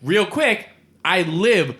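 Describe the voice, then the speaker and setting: A man, co-hosting a casual podcast chat and swearing freely as he retells scenes. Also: slow. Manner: animated storyteller, acts out movie lines in high voices, swears freely. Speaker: podcast co-host.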